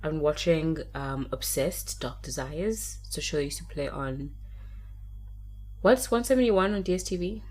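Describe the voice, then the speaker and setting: A woman's voice: sits low, expressive, normal speed, darkish tone. A young woman from South Africa co-hosting a casual podcast chat, joking dryly and laughing along. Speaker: podcast co-host.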